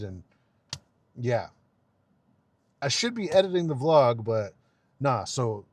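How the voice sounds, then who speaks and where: A man's voice: mid-range voice, a little mellow. A man ranting in his car, rambling, scornful and full of swearing. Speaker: vlogger. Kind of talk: unedited car rant. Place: inside a car.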